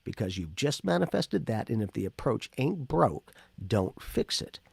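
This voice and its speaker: A man's voice: mid-range voice, big pitch swings, moderate pace, gravelly, slightly rough, dry recording. A man co-hosting a spiritual podcast, talking casually and animatedly, acting out the people he quotes. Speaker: podcast co-host.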